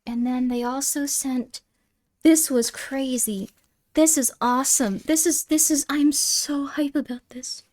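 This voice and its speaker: A woman streamer chatting casually during an unboxing, gushing with excitement and often slipping into a half-whisper. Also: high-pitched, measured pace. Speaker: VTuber streamer.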